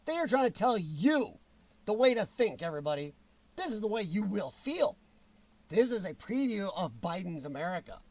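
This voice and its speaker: A man's voice: high voice, big pitch swings, normal speed. A man hosting a livestream, ranting angrily and sarcastically with plenty of profanity. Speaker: livestream host.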